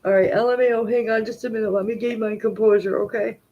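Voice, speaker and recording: A woman's voice: on the high side, steady tone, fast, mellow, muffled recording. A woman tarot reader on a live stream, talking straight to her viewers and tearful with grief. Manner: emotional, talks directly to viewers. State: tearful, grieving.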